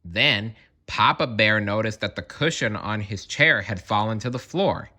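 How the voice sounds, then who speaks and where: A man's voice: on the low side, measured pace, pushed and bright. A man narrating a children's read-aloud story, playful and talking straight to the listener. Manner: playful, addresses listener directly.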